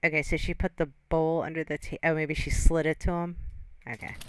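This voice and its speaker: Low-voiced woman giving wry commentary. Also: level tone, a little fast, a little hiss or hum. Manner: wry running commentary, teasing. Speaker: reaction video host. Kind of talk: commentary over a video.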